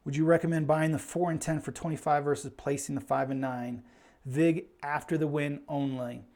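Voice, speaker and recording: A man with a fairly high, steady, somewhat dark voice talks at a normal pace. He hosts a relaxed live Q&A stream for a craps channel, chatting and thinking out loud into a clip-on mic with a pack in an indoor room that has some echo.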